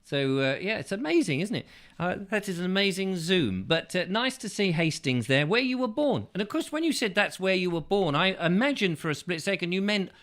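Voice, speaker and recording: Bright English host, rambles with jokey asides. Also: male voice, sits high, sing-song, fairly quick. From England. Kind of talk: casual chat.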